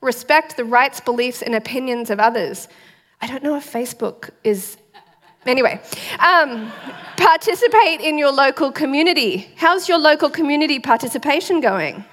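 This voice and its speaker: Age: adult. Sex: woman. Role: church speaker. Pitch: fairly high. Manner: lively, quizzing the congregation. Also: normal speed. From outside the United States. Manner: lively, quizzes the audience with questions. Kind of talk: sermon.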